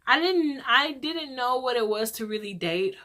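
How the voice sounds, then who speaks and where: A woman in her twenties talks to her viewers in a casual, rambling way. Her voice sits a little high, and she tells stories with lively energy and church talk mixed in. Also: moderate pace. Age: 20s. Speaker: vlog host. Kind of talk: casual confessional vlog.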